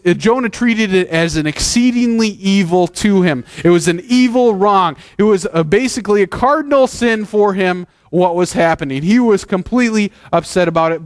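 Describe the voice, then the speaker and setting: A man's voice: high-pitched, dry recording, studio quality. A man preaching a sermon as pastor, earnest and conversational, with frequent restarts.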